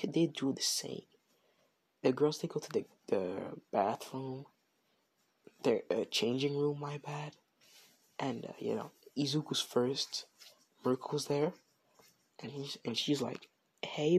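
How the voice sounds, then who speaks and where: Young man, slow and husky, slangy rambling storyteller, improvised fan fiction read. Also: medium pitch. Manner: rambling, slangy, self-correcting.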